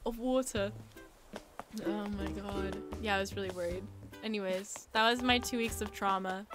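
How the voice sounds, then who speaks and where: A woman's voice: medium pitch, little pitch movement, normal speed. A young woman chatting casually on a livestream while she plays a game, rambling and giggling as she teases herself. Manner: giggly, rambling, self-teasing. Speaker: streamer. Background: game music.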